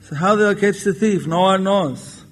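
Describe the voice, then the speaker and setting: A man tells a moral tale in a deliberate, very slow sermon, with a voice pitched a bit high for a man. He acts out the characters as he goes. The sound is an old 1994 lecture tape with a long, ringing hall echo. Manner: unhurried storyteller who acts out the characters. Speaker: spiritual lecturer. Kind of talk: storytelling sermon.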